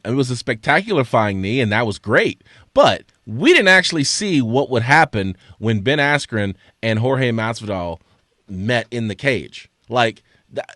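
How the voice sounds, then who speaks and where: A man's voice: mid-range voice, no room sound, studio quality. A man co-hosting a sports talk show in casual chat, telling stories with energy and stammering when he is pushed. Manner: animated storyteller, stammers when pressed. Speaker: podcast co-host. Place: studio.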